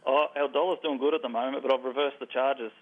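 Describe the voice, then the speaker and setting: An Australian man calling in to a radio show, friendly and quick with a joke. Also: mid-range voice, steady tone. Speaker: caller. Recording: tinny phone line.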